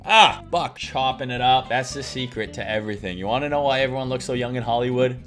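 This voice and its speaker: A young man giving a crude, sarcastic market commentary and ranting loudly with constant swearing. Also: medium pitch, fast, faint music behind. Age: young adult. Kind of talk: profane rant-style market commentary.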